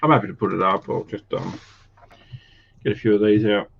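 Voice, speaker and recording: A man co-hosting a reselling livestream, making relaxed, offhand remarks in casual chat. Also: lowish voice, fairly quick, creaky, muffled recording. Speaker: livestream co-host.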